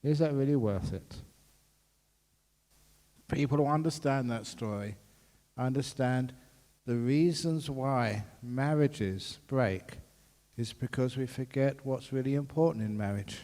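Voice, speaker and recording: A Buddhist monk giving a dharma talk, jovial and quick to laugh. His voice sits at an ordinary middle pitch. It carries a long reverb from the hall. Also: warm tone.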